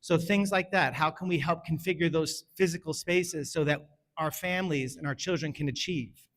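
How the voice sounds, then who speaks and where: A man in his forties addresses parents at a school town hall in a relaxed, conversational way. His voice sits a little higher than most men's. He often checks in with the crowd by asking "right?" and slips into quoted voices from home. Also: normal speed. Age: 40s. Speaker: school principal. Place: school meeting room.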